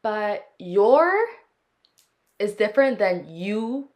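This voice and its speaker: A woman's voice: medium pitch, animated, drawn-out words, a little mellow. A woman hosting her own solo podcast, chatting casually in a sassy, opinionated, dramatic way, sometimes stretching words in a sing-song. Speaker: podcast host.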